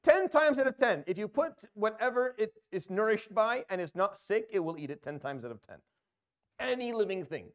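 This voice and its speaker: A man gives an earnest religious talk in a slightly high voice. He circles back over his points, repeating phrases and putting questions to his listeners. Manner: earnest, repetitive, rhetorical questions. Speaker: Islamic preacher.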